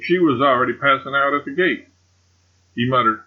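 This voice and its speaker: A man's voice: medium pitch, normal speed, long pauses, bright, forceful tone, rough recording. Man narrating a classic novel. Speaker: audiobook narrator. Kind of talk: reading a classic novel aloud.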